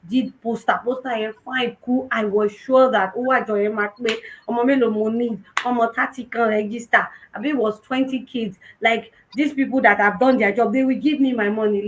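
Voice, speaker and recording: A young woman with a Nigerian Yoruba-tinged accent, giving an animated personal testimony at a conference and mixing in Yoruba phrases. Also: fairly high pitch, normal speed, hardly any pauses, slight background noise, poor audio. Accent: Nigerian, Yoruba-influenced English. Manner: animated storytelling, switching between English and Yoruba. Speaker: conference speaker.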